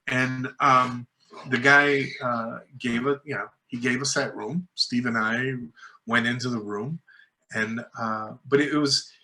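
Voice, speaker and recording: A man's voice: medium pitch, fairly even intonation, unhurried, sharp tone. A man, a filmmaker guest, tells rambling anecdotes full of fillers and restarts, acting out other people's lines in a raised voice. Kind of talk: casual storytelling in a podcast interview.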